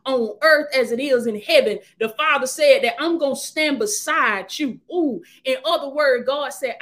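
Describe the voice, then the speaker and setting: A woman's voice: high voice, moderate pace, few pauses, a bit bright. A woman preaching a live-streamed sermon, urging listeners with repeated call-and-response phrases.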